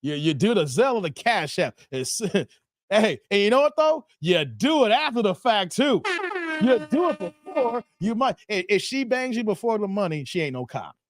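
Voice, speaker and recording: A man's voice: high-pitched, big pitch swings, moderate pace, no room sound. A man hosting a livestream, reading chat comments aloud in casual slangy banter and laughing often.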